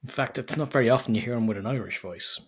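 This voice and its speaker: A man co-hosting a podcast, chatting enthusiastically about a film with quick quips. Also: mid-range voice, slight background noise. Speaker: podcast co-host. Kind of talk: casual movie review chat.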